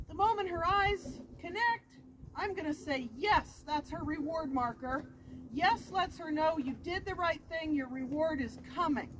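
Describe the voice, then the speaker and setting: High-voiced woman dog trainer. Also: unhurried, poor audio. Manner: explains steps plainly, praises the dog in a high sing-song voice. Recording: loud background noise.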